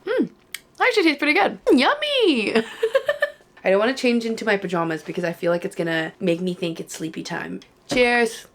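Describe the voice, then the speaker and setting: A woman's voice: a little high, big pitch swings, moderate pace, a bit bright, a little hiss or hum. A tired young woman with an Australian accent, chatting casually to her viewers late at night at home. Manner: chatty, joking, talking to viewers. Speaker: vlogger. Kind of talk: casual study vlog chat.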